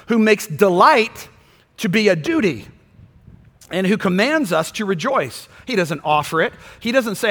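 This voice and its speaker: A man preaching a sermon as a pastor, swinging from soft, quiet passages to loud, fervent peaks. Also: high-pitched, big pitch swings, normal speed, long reverb tail.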